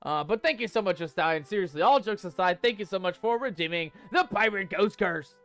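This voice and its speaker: A man's voice: high voice, brisk, fairly bright tone, faint music behind. A man playing a swaggering male pirate ghost captain in a game stream, full of pirate slang and playful bluster. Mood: mock-scolding.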